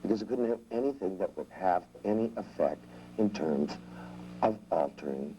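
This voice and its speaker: A man's voice: low-pitched, normal speed, dark tone, slight background noise, rough recording. A man teaching a live seminar, rambling and restarting sentences, with irreverent jokes and asides. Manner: acts out voices in quotes. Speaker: seminar trainer.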